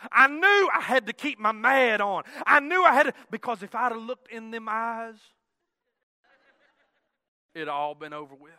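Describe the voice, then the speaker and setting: High, bright-voiced preacher. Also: male voice, normal speed, pauses often, no room sound, clean studio sound. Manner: folksy, animated storyteller. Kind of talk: storytelling sermon.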